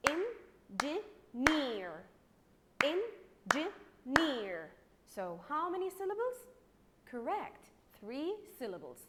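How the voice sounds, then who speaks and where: A woman's voice: high-pitched, a little hiss or hum. A young woman with an Egyptian accent teaching a primary English lesson, patient and repetitive, stretching words out to clap their syllables. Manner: slow and patient, repeats words, claps out syllables. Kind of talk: recorded online English lesson.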